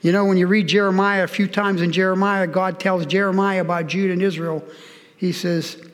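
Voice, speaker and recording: Earnest older preacher, high voice. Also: male voice, little pitch movement, a little fast, big-room sound. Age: 60s. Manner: earnest, personal storytelling, direct appeals to listeners. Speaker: pastor. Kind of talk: sermon.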